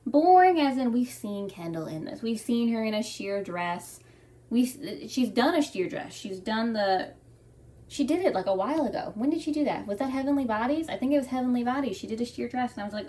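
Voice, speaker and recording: A woman's voice: medium pitch, expressive, brisk. Young woman ranting loosely, kinda exasperated, mic a little far away. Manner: opinionated and exasperated, many fillers and restarts. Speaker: fashion commentary vlogger. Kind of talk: casual rant.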